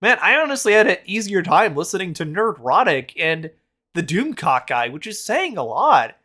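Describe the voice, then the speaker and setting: A man's voice: sits high, big pitch swings, moderate pace, sharp tone. A man hosting a casual reaction video, blunt and mocking, swearing and laughing often. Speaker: host.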